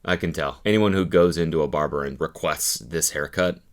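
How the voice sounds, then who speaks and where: A man in his thirties doing comedic reaction commentary on podcast clips, swinging into loud goofy voices and crude jokes. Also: rumbling low, normal speed. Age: 30s. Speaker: commentary host.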